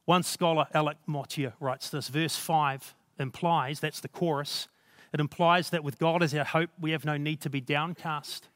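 A man's voice: on the high side, fairly even intonation, moderate pace, a bit bright, no room sound, studio quality. A man preaching a sermon in an earnest, conversational way, reading scripture aloud and reflecting on it.

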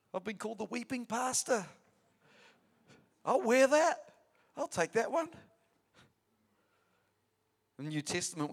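High-voiced man preaching a sermon. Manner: conversational, emphatic, frequent repeats and asides. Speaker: pastor.

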